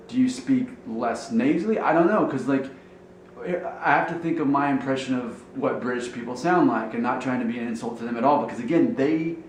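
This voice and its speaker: A man from Alabama musing casually to camera as a blogger, rambling and thinking aloud with fillers. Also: mid-range voice. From Alabama, USA. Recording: roomy echo, faint noise.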